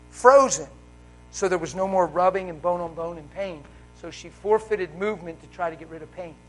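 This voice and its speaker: High-voiced fervent male preacher. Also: poor audio. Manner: fervent, swings from loud exclaiming to hushed. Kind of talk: live sermon. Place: church service. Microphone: wearing a mic.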